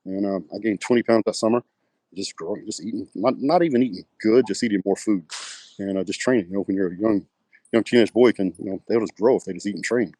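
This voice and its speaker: With a lowish, mellow voice and a fast delivery, a middle-aged pro bodybuilder from West Texas rambles through stories in a Texan accent during a casual interview. He leans on plenty of fillers and acts out the dialogue he quotes. The recording is dry.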